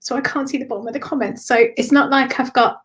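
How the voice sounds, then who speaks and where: A woman hosting a live-streamed spiritual reading on her phone, affectionate and animated, calling listeners darling. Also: high-pitched, quick pace. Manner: animated, swooping intonation. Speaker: spiritual medium giving readings.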